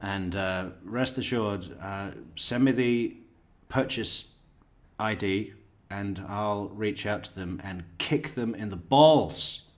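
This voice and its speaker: Blunt sarcastic male commentator, lowish voice. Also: steady tone, slow pace, a bit bright. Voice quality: blunt, sarcastic, acts out mocking impressions. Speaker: true crime commentator. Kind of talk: video commentary on an interrogation.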